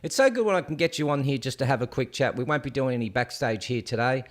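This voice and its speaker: An Australian man hosting a live call-in stream, chatty and excitable, calling listeners "mate" and "people". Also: medium pitch, fast talker. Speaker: host of a live call-in show.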